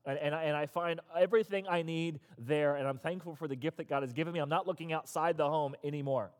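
High-voiced man preaching in an echoey hall. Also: quick pace. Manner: emphatic, repetitive, coaxes the audience to respond. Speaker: pastor leading a recovery group. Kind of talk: interactive sermon.

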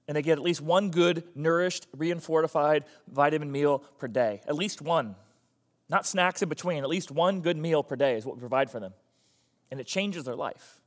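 A man preaching a sermon as a pastor, animated and emphatic, repeating phrases for effect. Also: a little high, long reverb tail.

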